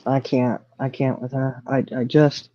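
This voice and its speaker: A man's voice: medium pitch, flat delivery, a little slow, dark tone. A man hosting a casual livestream chat, angry and profane, holding back tears. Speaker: livestream host. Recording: dull lo-fi mic.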